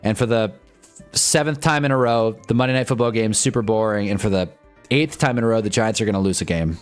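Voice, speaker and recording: A man's voice: lowish voice, fast talker. A young man hosting a live fan stream, commenting wryly and with exasperation as a football game plays, drifting into casual chat. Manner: wry, exasperated fan commentary, loose and rambling. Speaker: livestream host reacting to a football game. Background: faint music.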